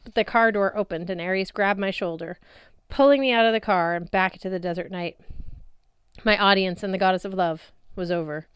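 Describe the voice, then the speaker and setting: A woman narrating a first-person story in a plain, even storytelling manner for an audiobook. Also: mid-range voice, a little fast, clear, resonant tone, dry recording.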